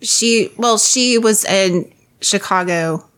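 A woman chatting casually, rambling through stories with plenty of fillers and restarts. She teases the others and laughs often. Her voice sits at an ordinary pitch. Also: slow, a bit bright. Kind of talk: casual chat.

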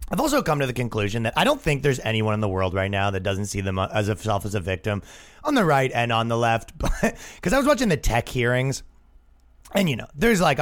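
A male comedian and podcast host riffing in a casual comedic monologue, animated and quick to slip into voices. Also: lowish voice.

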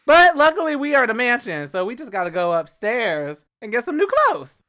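A woman's voice: a little high, sing-song, a little fast, sharp tone. A woman co-hosting a casual podcast, laughing often and playfully arguing her side of the story. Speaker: podcast co-host. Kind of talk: casual recap chat.

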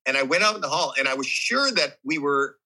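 A man telling a deeply personal story as an interview guest, animated and emotional, often restarting his sentences. His voice has a husky edge and a very bright, forceful tone. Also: brisk, rough recording.

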